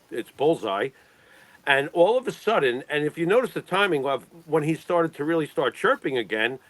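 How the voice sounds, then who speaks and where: A man's voice: on the high side, a bit bright, no room sound, poor audio. A man guesting on a podcast, joking in casual banter with mock-indignant outbursts.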